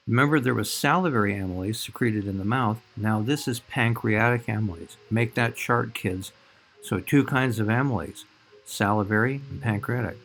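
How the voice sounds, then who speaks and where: A man teaching a recorded biology lecture, explaining slides and speaking directly to his students. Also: mid-range voice.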